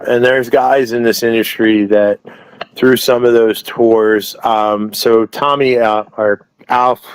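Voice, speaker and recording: A man with a fairly low voice tells long stories as an interview guest. He rambles, restarts sentences and fills gaps with asides. The sound is dry and close, with no room echo. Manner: rambling, many restarts and "you know" asides. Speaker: wrestling promotion owner, interview guest. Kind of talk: casual interview storytelling.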